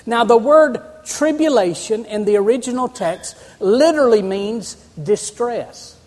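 Man, pastor, sermon, high voice, call-and-response, church sanctuary, long hall reverb. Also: lively intonation, measured pace, darkish tone. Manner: preaching with call-and-response to the congregation.

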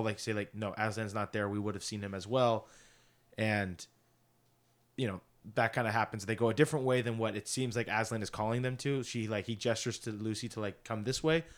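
A man with a fairly low voice talks through a book in casual conversation. He rambles a little, leaning on fillers as he retells scenes. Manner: chatty, many "like" fillers, paraphrasing scenes.

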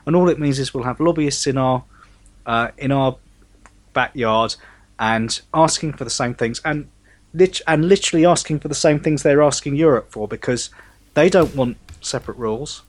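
A man, a guest in a casual political discussion, talking in an animated, conversational way. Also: mid-range voice, moderate pace.

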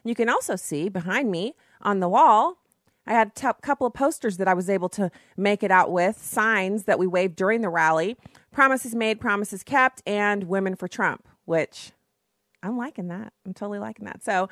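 Hoarse scratchy lady hosting talk radio, chatty and upbeat, dry close mic. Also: medium pitch, normal speed, a bit bright, no room sound. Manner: chatty, enthusiastic, with fillers. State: scratchy voice from yelling the day before. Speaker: radio talk show host. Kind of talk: casual talk radio monologue.

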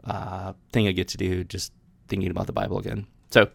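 A man's voice: deep voice, little pitch movement, brisk, vocal fry, fairly bright tone, breathy edge, no room sound. A man hosting a podcast, reading Bible passages aloud and talking them over casually, with frequent restarts. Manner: reads scripture aloud then chats about it with many restarts. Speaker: podcast host.

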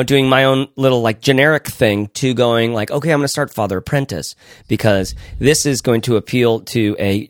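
A man's voice: medium pitch, a bit bright, dry recording, clean studio sound. A man co-hosting a casual podcast, rambling with lots of restarts and frequent laughs. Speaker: podcast co-host.

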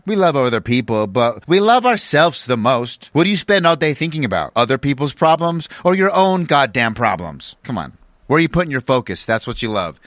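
A man's voice: medium pitch, a bit bright, dry recording. A man hosting a podcast, rambling in an irreverent, profane, mock-preachy way. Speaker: podcast host. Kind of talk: casual podcast intro monologue.

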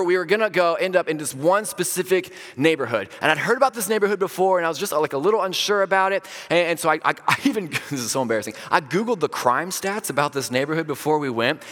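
Young male pastor, animated self-deprecating storyteller, fairly high voice, long hall reverb. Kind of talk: storytelling sermon.

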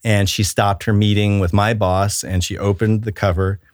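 A middle-aged man with a very low voice tells stories in an eager, rambling interview manner, full of fillers and restarts. His voice sounds close and dry, with no room sound around it. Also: flat delivery, moderate pace, no echo. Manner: enthusiastic and storytelling, with many fillers and restarts. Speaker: children's book author and illustrator. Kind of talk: relaxed interview chat.

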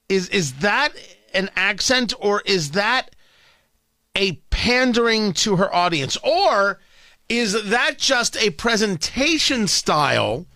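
A man's voice: high-pitched, bright, forceful tone, no room sound. A man hosting a talk radio show, delivering an opinionated, sarcastic and combative monologue into a studio microphone.

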